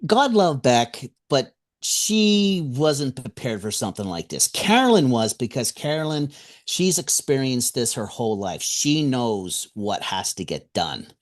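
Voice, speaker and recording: A man speaking as a guest on a radio interview, telling his story. His mid-pitched voice swings widely up and down, and he acts out the voices of the people he quotes. He chuckles now and then between his remarks. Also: very animated, unhurried. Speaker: author and guest.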